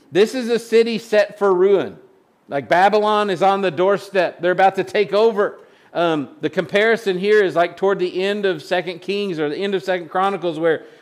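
A man with a fairly high voice teaches scripture like a pastor at a midweek Bible study. He talks informally and earnestly, reads the old verses aloud, and often stumbles and restarts as he explains.

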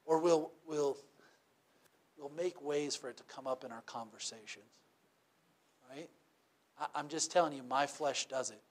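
Man preacher, casual sermon delivery, slightly high voice, keeps checking in with the room. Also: unhurried, long pauses. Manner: conversational, asks "right?" often, acts out quotes.

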